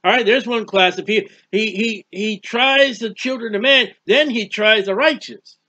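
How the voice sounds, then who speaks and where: A man's voice: high-pitched, normal speed, bright, forceful tone. A man giving a conversational Bible teaching, plain-spoken, repeating phrases and firing rhetorical questions. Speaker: preacher.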